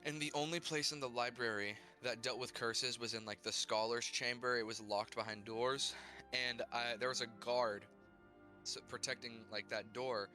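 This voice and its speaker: A young man recapping his tabletop game character's backstory, halting, with many fillers and restarts. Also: medium pitch, steady tone, bright, forceful tone, faint music behind. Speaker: player.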